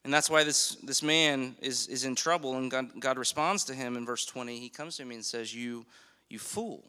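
A man preaching a sermon as pastor, emphatic, slowing down on key phrases and asking the congregation questions. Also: medium pitch, steady tone, pushed and bright, clean tone, in a large hall.

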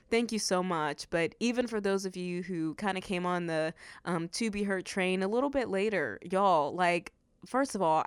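A woman's voice: lowish voice, clear, resonant tone, dry recording, clean studio sound. A woman hosting a faith-based podcast, talking earnestly and effusively to her listeners with plenty of fillers. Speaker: podcast host.

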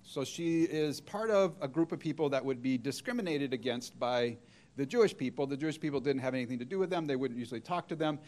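A man's voice: medium pitch, animated, fast, a little mellow. A middle-aged man preaching a sermon, retelling a story and acting out the quoted voices.

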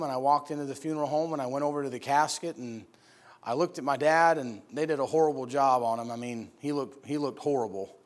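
Delivering sermon stories, this middle-aged upstate New Yorker animates his characters with loud, high-pitched shouts. When things turn serious, his voice sinks soft and low.

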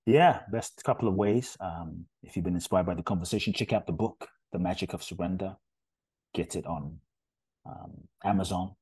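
A Ghanaian spiritual teacher appears as a podcast guest and tells a story in an earnest, animated way. His voice sits low and is slightly rough, at normal speed, on a dry recording.

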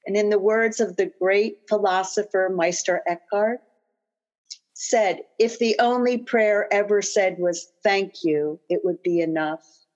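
Woman coach, mid-pitched, earnest and repetitive guided affirmations, muffled lo-fi sound. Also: darkish tone. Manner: slow, earnest repetition of phrases. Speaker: guest coach and author. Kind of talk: guided affirmations and personal storytelling. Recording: dull lo-fi audio.

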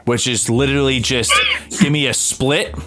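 A man's voice: medium pitch, steady tone, fairly bright tone, soft background music. A young man from New Jersey co-hosting a podcast, chatting casually, swearing freely and drawing out his phrases. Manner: laid-back, swears freely, drawn-out phrases. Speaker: podcast co-host. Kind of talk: casual chat.

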